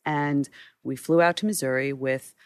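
A middle-aged woman appears as a photojournalist guest in a storytelling interview, sharing vivid anecdotes from her career. Her voice is very deep and steady, moving at a normal speed. The tone is clean and the recording dry.

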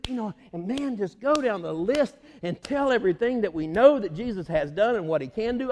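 A man preaches in a big echoing hall, his voice high and swinging widely in pitch. He acts out the story's voices and breaks into laughter, and the long reverb trails every line. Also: big pitch swings, normal speed, darkish tone. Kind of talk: sermon.

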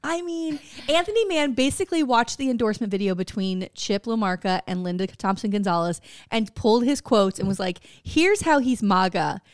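A woman's voice: medium pitch, animated, fairly quick, no room sound, clean studio sound. A woman co-hosting a podcast, ranting about local politics in casual chat, heated and profane. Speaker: podcast co-host.

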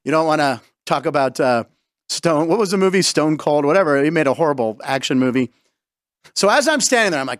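A man hosting a sports and comedy radio show, telling stories in an animated way and acting out the quotes. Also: on the high side, fairly quick, no room sound, studio quality.

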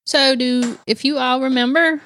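A woman co-hosting a casual podcast, upbeat and quick to laugh. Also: high voice, fairly even intonation, a bit bright, slight background noise. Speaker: podcast co-host.

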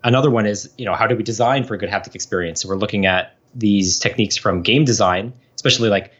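A man's voice: fairly low pitch, fast talker, a bit bright, slightly rough, dull audio. A man in his thirties, a professor and researcher, explaining his work in a casual interview, chatty, with many fillers.

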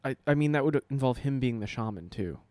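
A man's voice: medium pitch, expressive, fairly quick, darkish tone, dry recording. A man co-hosting a podcast in casual chat, sarcastic and exasperated, sighing and swearing. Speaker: podcast co-host.

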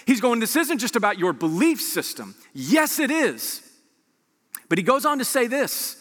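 A man preaching a sermon as pastor, animated and conversational with joking asides to his church. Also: very high-pitched, moderate pace. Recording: long reverb of a large hall.

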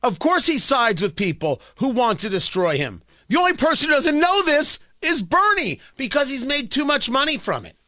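A man's voice: very high voice, big pitch swings, moderate pace, hardly any pauses, pushed and bright, no room sound, clean studio sound. A male talk radio host delivering a sarcastic, ranting opinion monologue.

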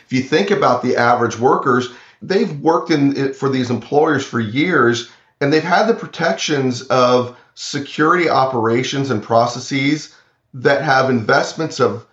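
A man's voice: mid-range voice, unhurried, a bit bright, echoey room, lo-fi sound. A man talking about cloud security as an interview guest from his home, earnest and often repeating words as he speaks. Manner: earnest, repeats words, quotes imagined clients. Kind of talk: remote interview.

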